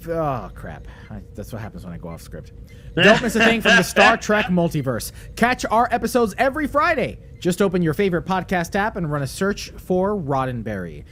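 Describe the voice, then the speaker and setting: A man hosting a live podcast, reading the closing announcements in a brisk, loose way. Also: sits high, a bit bright, a little hiss or hum. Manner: brisk, loose, goes off script. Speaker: podcast host. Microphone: video call.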